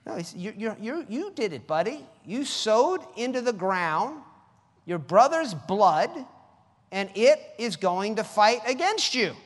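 A man preaching a lively sermon. His voice sits high and jumps widely in pitch. It rings out in a hall with a long echo. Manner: animated, reads scripture slowly, mocks with high voices.

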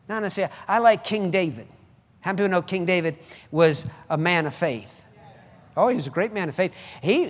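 High-voiced man preaching emphatically. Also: in a large hall. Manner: emphatic, animated, rallying. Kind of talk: sermon.

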